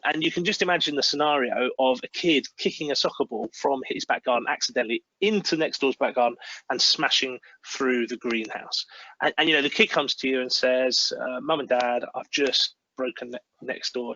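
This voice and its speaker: Male guest, bright forward tone, dry dull video-call sound, earnest. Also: medium pitch, dry recording. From United Kingdom. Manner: earnest, acts out parent-child dialogues. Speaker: guest speaker on parenting. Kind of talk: webinar talk.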